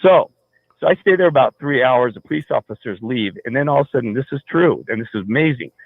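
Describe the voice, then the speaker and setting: A man's voice: mid-range voice, expressive, quick pace, creaky, no room sound. A man calling into a talk show, telling a long personal story in a rambling way, full of restarts and fillers. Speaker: caller. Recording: tinny phone line.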